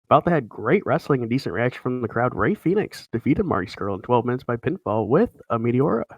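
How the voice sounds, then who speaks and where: A man's voice: medium pitch, sing-song, fast talker, breathy edge, dry recording, highs cut off. A man in casual chat on a podcast, running through wrestling results in an easygoing announcer style. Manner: play-by-play announcer delivery, easygoing.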